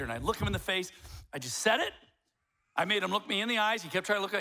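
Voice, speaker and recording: An older man delivers a sermon from the pulpit with a bright, forward voice sitting a little high. He tells family stories with animated energy and plays every part in them. At the big moments his voice climbs into near shouts. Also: fast. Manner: animated storytelling, acts out dialogue, rising to near shouts. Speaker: pastor. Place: church sanctuary.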